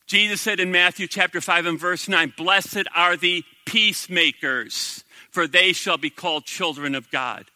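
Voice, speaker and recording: A middle-aged male pastor delivering a sermon, talking straight to his congregation and asking them question after question. His voice sits high and sounds very bright and clear. It is recorded dry and close, with no room echo. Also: a little slow, few pauses. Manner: animated, conversational preaching with rhetorical questions.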